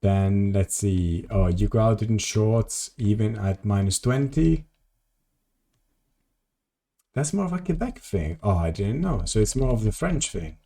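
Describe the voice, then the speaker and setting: A fairly low-pitched man with a mellow, dark tone talks casually on a live gaming stream. He sounds tired and rambles easily from one thought to the next, answering messages from his chat as they come in. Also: a little slow, hardly any pauses.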